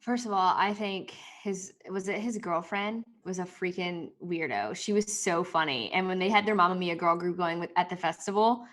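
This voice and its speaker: A woman's voice: fairly low pitch, normal speed, hardly any pauses, a bit bright. Chatty woman recapping an episode. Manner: chatty, quotes her own reactions. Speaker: podcast co-host. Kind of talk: casual recap chat.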